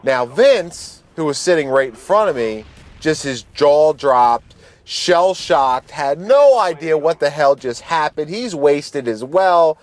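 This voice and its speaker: A man in his thirties telling a casual story over gameplay as host of his channel, in a relaxed, slangy and profane way with frequent restarts. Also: on the high side, slow.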